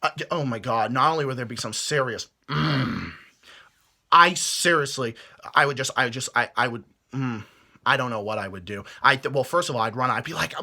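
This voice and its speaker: A man's voice: medium pitch, moderate pace, bright, forceful tone. A man delivering a heated, profane rant to camera, stumbling over his words as he restarts sentences. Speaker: vlogger. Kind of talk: angry rant.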